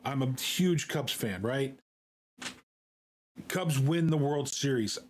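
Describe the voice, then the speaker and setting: A man streaming, talking in a casual, halting way with many fillers and repeated words. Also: medium pitch, a little mellow. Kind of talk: casual live-stream chat.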